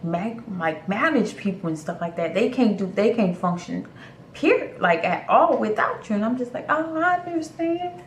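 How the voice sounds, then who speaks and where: A young woman telling a story in a casual, animated way, full of fillers, acting out her own reactions. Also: medium pitch, echoey room, slight background noise.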